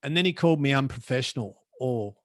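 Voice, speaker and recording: An Australian man speaking at a mid-range pitch, telling a story with blunt, colloquial energy. He is a professional speaker chatting as a guest. The sound is dry and close. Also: expressive, quick pace, dry recording. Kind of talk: casual storytelling.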